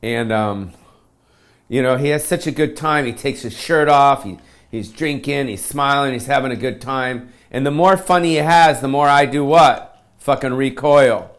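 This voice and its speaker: A man's voice: mid-range voice, unhurried, fairly bright tone. A man doing a self-pitying comedic rant to camera, swearing constantly in slangy surfer-dude talk. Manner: profane, self-pitying, ranting.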